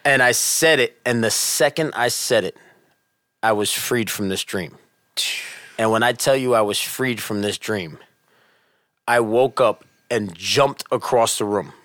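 A middle-aged man telling a personal story in casual chat, animated and earnest, dropping softer at tense moments. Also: lowish voice, unhurried, no echo, studio quality.

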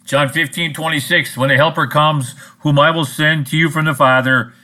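A man's voice: a little high, steady tone, normal speed, bright, forceful tone. A man preaching a sermon in a blunt, scolding, sarcastic manner. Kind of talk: recorded sermon monologue.

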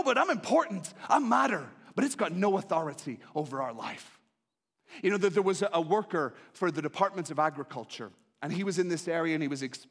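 A high-pitched man delivers an impassioned sermon. He drops to a hush, then climbs to a shout, and he keeps repeating his pleading lines to the congregation. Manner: impassioned, swings from hushed to shouting. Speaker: preacher.

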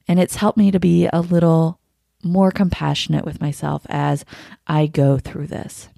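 A woman hosting a solo podcast, talking candidly and gently, laughing often as she reflects. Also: low-pitched, level tone, measured pace, creaky, dry recording, clean studio sound. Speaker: podcast host.

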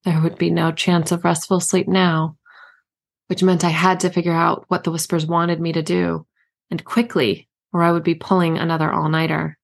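A woman reading her own novel aloud in a steady, measured first-person narration. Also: fairly low pitch, vocal fry. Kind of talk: audiobook narration.

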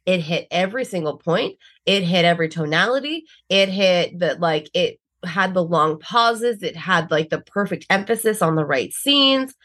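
A woman's voice: lowish voice, expressive, moderate pace, fairly bright tone. Enthusiastic woman praising a film. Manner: enthusiastic, emphatic, swears casually. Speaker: podcast co-host. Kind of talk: casual movie review chat.

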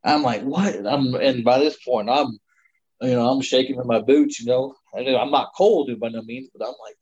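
A man's voice: medium pitch, normal speed, darkish tone, husky. Man rambling through a hunting tale. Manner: rambling, many "you know" fillers. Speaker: guest storyteller. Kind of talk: casual spoken hunting story. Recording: slightly dull lo-fi sound.

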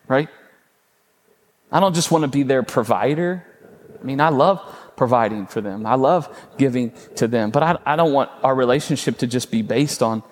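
A man, a father in his thirties or forties, preaching a sermon as a pastor in a relaxed storytelling way, often checking in with "right?". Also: mid-range voice. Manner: conversational, storytelling with frequent "right?".

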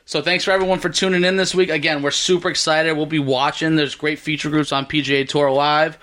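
This man talks a little fast in a level, sharp, fairly high voice. As co-host of a golf podcast, he goes over his picks in relaxed betting talk and wraps up the show with an upbeat energy.

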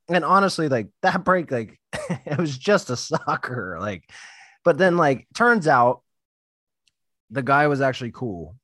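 A man's voice: medium pitch, big pitch swings, measured pace, pauses often, fairly bright tone, dry recording, studio quality. A man telling a story about his tree job in casual chat, swearing a lot and laughing often as he acts out what people said.

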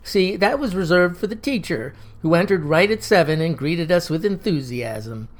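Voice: mid-range voice, lively intonation, normal speed. Folksy older storyteller. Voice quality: folksy, old-fashioned phrasing. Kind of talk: first-person folksy storytelling.

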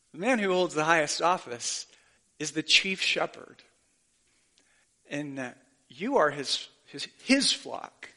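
A man's voice: a little high, sharp tone. A man in his forties preaching a conversational sermon as pastor, earnest, with self-deprecating asides.

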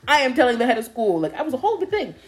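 A woman's voice: sits high, rapid-fire. A young woman casually telling a story, laughing and acting out what people said. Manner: animated, laughing storytelling with acted-out quotes. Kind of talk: casual chat.

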